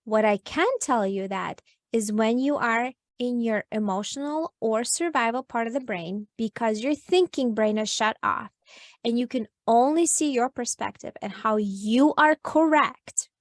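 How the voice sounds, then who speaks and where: Woman, stress coach guest, earnest explaining, fairly high voice, dry close sound. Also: measured pace, dry recording. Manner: earnest, explanatory, frequent "like" and "you know". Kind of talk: podcast interview advice.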